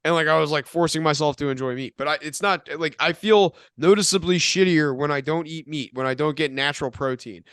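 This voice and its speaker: A man's voice: a little high, a little fast, few pauses, a bit bright, clear, resonant tone, no echo, studio quality. A young man co-hosting a casual podcast, rambling and swearing, with lots of filler words. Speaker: podcast co-host.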